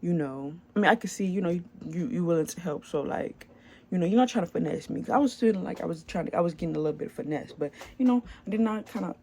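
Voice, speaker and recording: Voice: mid-range voice, expressive, fast, gravelly, darkish tone. A young adult small business owner telling a long story in a casual vlog, chatty and slangy, with filler words and swearing.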